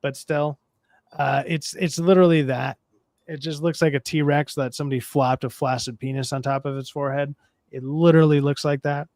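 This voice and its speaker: A man with a low, raspy voice in a casual podcast chat, rambling and swearing through a movie review. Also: steady tone, normal speed, darkish tone, no echo, studio quality. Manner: profane, rambling, wry.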